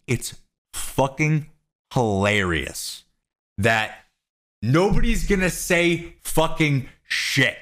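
A young man ranting in a commentary vlog, profane, excitable and mocking, addressing his viewers as bros. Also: mid-range voice. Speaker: YouTube commentator.

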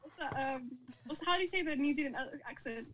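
A woman's voice: high-pitched, fast talker, crowd noise, poor audio. A young woman on a casual podcast who keeps asking curious questions. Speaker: podcast co-host. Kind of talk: casual chat.

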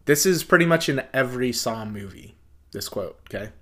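A man co-hosting a podcast in casual chat, animated, laughing often and quoting movie lines. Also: medium pitch, moderate pace. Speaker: podcast co-host.

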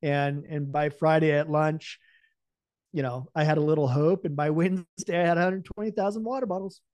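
A man's voice: on the high side, moderate pace, no room sound. A man, a podcast guest, telling a personal story and acting out the dialogue with laughs. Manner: animated, acts out the dialogue of his story with lively laughs.

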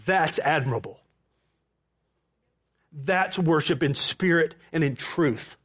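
High-pitched guy preaching, storytelling sermon, acts out the dialogue. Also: slow pace, breathy edge. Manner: storytelling, animated, with quoted back-and-forth. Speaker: pastor.

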